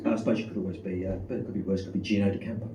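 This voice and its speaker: Self-deprecating middle-aged South London comic. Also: male voice, sits low, racing, over a noisy crowd. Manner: self-deprecating, deadpan with frequent fillers. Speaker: stand-up comedian. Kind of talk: stand-up comedy set. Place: comedy club stage with live audience. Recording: echoey room, mic far off, noisy.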